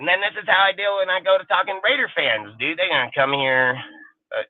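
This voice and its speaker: A man's voice: sits high, animated, fast, dry recording. Man, sports host, heated profane rant, dry close sound, phone-quality audio. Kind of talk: live stream rant.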